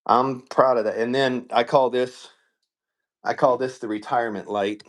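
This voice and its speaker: A middle-aged man on a live stream telling a story in casual chat, animated and full of profanity, often laughing. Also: mid-range voice, moderate pace.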